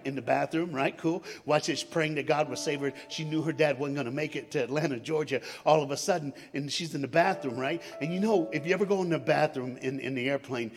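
A man from Tennessee preaching a sermon as a guest speaker, telling stories and swinging between shouts and hushed tones. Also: fairly high pitch. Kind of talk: sermon storytelling. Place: large church hall. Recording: long hall reverb, music behind.

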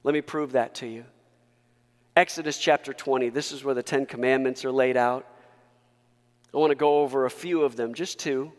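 A male pastor preaching a sermon to his congregation, swinging between soft, low passages and loud, emphatic rises. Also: steady tone, moderate pace, pauses often, big-room sound. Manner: preaching with sweeping rises and drops, leading the congregation. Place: church sanctuary.

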